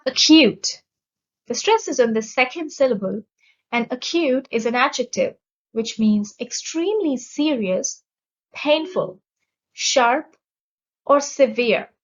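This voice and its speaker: In a fairly high, expressive voice, a woman presents a scripted vocabulary lesson, carefully pronouncing each word and spelling out its stress and meaning. This teacher speaks slowly and deliberately, and the recording has its highs cut off.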